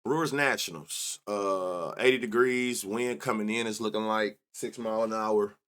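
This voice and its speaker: A man's voice: lowish voice, normal speed, a bit bright. A man runs through numbers in a loose, thinking-aloud way. He mutters half to himself and swears casually as he hosts a sports betting show. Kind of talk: casual solo stats rundown.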